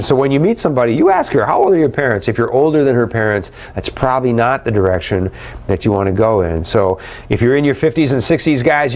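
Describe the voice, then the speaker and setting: A man's voice: mid-range voice, darkish tone. A middle-aged man hosting a live webcast, chatty and upbeat as he answers viewer questions and calls them guys.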